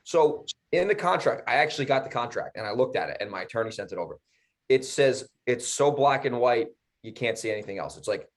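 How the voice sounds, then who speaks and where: A man's voice: medium pitch, lively intonation, quick pace. A man co-hosting a podcast, telling a story in a heated, profane way and acting out both sides. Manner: heated, profane, mimicking others. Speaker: podcast co-host. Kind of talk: casual storytelling.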